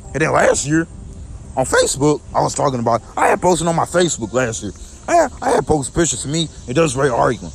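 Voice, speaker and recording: Gravelly young man on an aggrieved rant. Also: on the high side, huge pitch swings, quick pace, a little hiss or hum. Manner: repetitive and aggrieved, with many restarts. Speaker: vlogger. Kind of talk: personal rant to camera.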